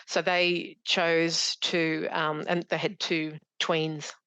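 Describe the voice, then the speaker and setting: Middle-aged aussie woman, low gravelly voice, lots of stops and restarts, dry close sound. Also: level tone, fairly bright tone, dry recording. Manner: halting, with many restarts and fillers. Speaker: charity founder, guest. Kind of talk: conversational podcast interview.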